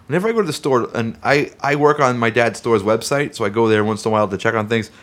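A man chatting casually among friends, telling animated stories and laughing often. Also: medium pitch, fast talker.

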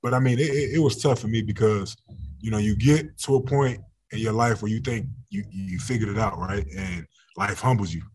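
A man's voice: lowish voice, fairly quick, darkish tone. A young adult man, a football player, talking casually in an interview, laid-back and often laughing.

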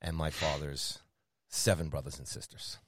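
A man from New York co-hosting a sports radio show in casual chat, excitable and quick to laugh. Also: very deep voice, breathy edge, no room sound, studio quality. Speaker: co-host.

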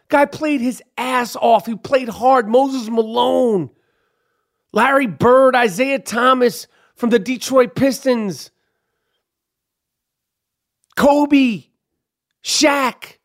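Male sports host, high-pitched, profane and emphatic, scolds players directly. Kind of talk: opinionated sports rant.

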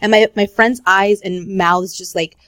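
A woman's voice: mid-range voice, steady tone, a little slow, a bit bright, dry recording. A woman in her forties talks frankly and casually as a podcast co-host, tossing in the odd curse and a few Spanish words. Her mid-range voice sits dry and close, with no room around it. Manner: candid, swears casually, mixes in Spanish. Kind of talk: casual chat.

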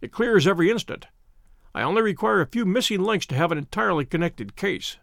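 A man voicing a confident detective who explains things in a measured way. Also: high-pitched, expressive, gravelly, a bit bright, no room sound, studio quality, heavily acted. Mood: assured.

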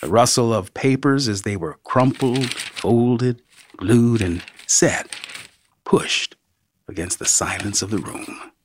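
A man reading a story aloud as narrator, expressive, slowing down and dropping to a near whisper for emphasis. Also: medium pitch, slight background noise.

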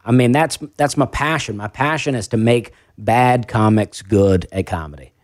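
A stand-up comedian from the American South, with a faint accent, talks casually on a podcast. He rambles, pokes fun at himself, and restarts often. His mid-range voice moves at a moderate pace, recorded in studio quality with no echo.

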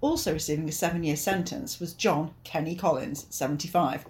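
A woman's voice: sits low, darkish tone, a little hiss or hum. A woman co-hosting a casual true-crime podcast, reading out case details and teasing her co-host. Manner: chatty, quick to tease.

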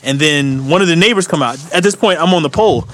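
A man telling a story in casual chat, animated and laughing often, swearing freely. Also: a little high, quick pace.

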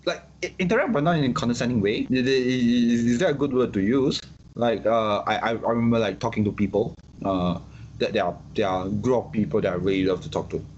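A man's voice: mid-range voice, brisk, background noise. A man from Singapore giving his views in casual talk, stumbling and repeating words often. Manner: repeats words often, many restarts and fillers. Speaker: interviewee. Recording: dull lo-fi sound.

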